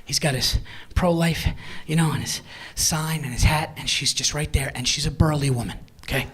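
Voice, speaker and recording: A man doing a stand-up comedy set in a live venue, brash and profane, shouting his punchlines. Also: a little high, moderate pace, slightly rough.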